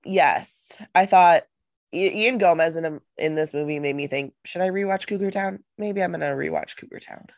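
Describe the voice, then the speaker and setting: Woman, low pitch, dry close sound, relaxed podcast chat. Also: normal speed, gravelly, no echo. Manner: easygoing, agreeable, hesitant fillers. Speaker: podcast co-host. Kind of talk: casual chat.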